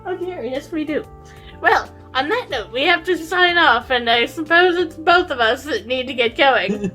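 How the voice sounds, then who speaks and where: A woman's voice: sits high, animated, normal speed, pushed and bright, faint music behind. A young woman co-hosting a casual home vlog, sleep-deprived, playful with sudden dramatic outbursts, recorded on a camera mic at home. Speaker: vlog co-host.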